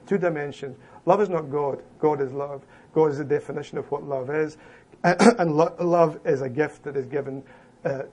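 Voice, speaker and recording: A man giving an academic presentation to an audience in a room, reading from his prepared paper in a deliberate, emphatic way with occasional restarts. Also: on the high side, darkish tone.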